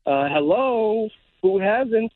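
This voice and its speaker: A man calling in to a talk show, teasing and sarcastic in tone. His voice sits high and comes through a thin, phone-like line. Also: lively intonation, slow pace, dry recording. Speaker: caller.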